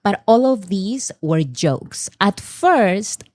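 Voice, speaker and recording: A woman's voice: mid-range voice, lively intonation, takes it slowly, darkish tone, dry recording, studio quality. A woman hosting a casual commentary, translating fan clips in a chatty way with fillers and restarts. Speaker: host.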